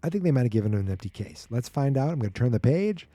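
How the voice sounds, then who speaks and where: A man's voice: mid-range voice, very animated, fast, mellow, no room sound. A man hosting a podcast who casually recaps a comic book page by page, reacting as he reads. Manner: chatty, exclaims and reacts while reading. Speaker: podcast host.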